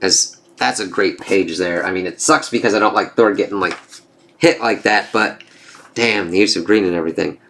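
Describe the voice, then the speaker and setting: Low-voiced man reviewing a comic. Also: normal speed, a bit bright. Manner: casual, swears freely. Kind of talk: casual spoken review.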